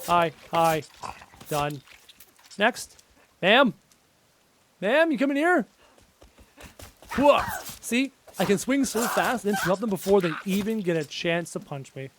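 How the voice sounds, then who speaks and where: Give me a chatty male YouTuber streaming a game, with a high, animated voice. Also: a little hiss or hum. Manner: excitable, chatty, yelps and exclaims at enemies. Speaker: gaming YouTuber. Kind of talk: live gameplay commentary.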